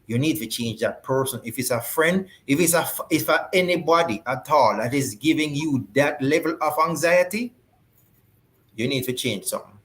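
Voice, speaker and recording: A man's voice: medium pitch, lively intonation, normal speed, a bit bright. A man hosting a talk show who drives his points home with emphatic, repeated phrases. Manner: emphatic and repetitive, preacher-like.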